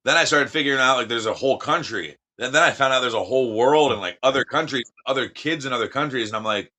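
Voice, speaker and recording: A man from the United States, a podcast guest telling profane, animated anecdotes in casual chat. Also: medium pitch, fast talker.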